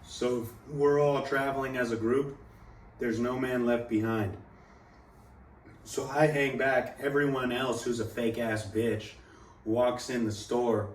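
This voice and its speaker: A man's voice: mid-range voice, a little slow. A young man telling a story in casual talk, swearing freely and rambling. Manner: profane, rambling, animated quoting. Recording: echoey room, mic at a distance, faint background noise.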